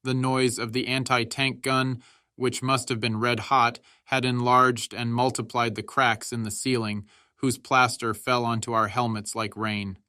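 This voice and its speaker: A man narrating an audiobook in a measured, steady reading style. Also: medium pitch, no echo, clean studio sound.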